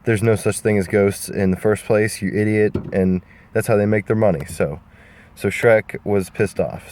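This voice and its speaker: A man's voice: lowish voice, a little mellow, a little hiss or hum. A young man telling a rambling comic story on his phone, meandering and crude. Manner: meandering, restarts, crude humor. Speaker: video creator.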